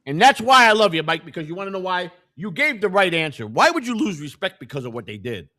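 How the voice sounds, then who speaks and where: Male host, emphatic storyteller, bright voice, lively pitch. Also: fast talker. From Chicago. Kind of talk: casual conversational interview.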